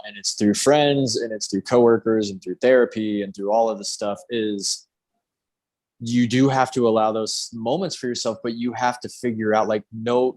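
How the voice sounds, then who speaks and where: A man's voice: fairly low pitch, darkish tone. A man hosting a casual talk show, a tattoo artist speaking candidly and swearing freely, acting out what people said to him. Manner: candid, swears freely, acts out quoted remarks. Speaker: podcast host, tattoo artist. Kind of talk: casual chat.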